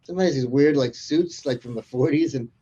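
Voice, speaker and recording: Husky man telling stories, lo-fi sound. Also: mid-range voice, fairly quick, dark tone. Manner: rambling, anecdotal, chuckles often. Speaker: author and interview guest. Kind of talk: casual conversation.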